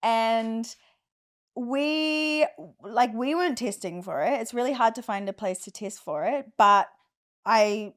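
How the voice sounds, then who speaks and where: A woman's voice: a little high, slow pace. A young woman with an Australian accent, chatting frankly as a podcast guest, with many fillers. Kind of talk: casual chat.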